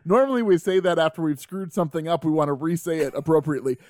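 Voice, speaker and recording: A man's voice: a little high, quick pace, a little mellow. A man co-hosting a casual sports podcast, teasing his partner and laughing often. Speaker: podcast co-host.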